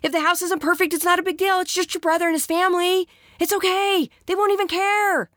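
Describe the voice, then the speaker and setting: A woman mimicking a dismissive spouse in an exaggerated, high, chirpy voice. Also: steady tone, brisk, fairly bright tone, no echo, studio quality. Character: dismissive spouse brushing off worries.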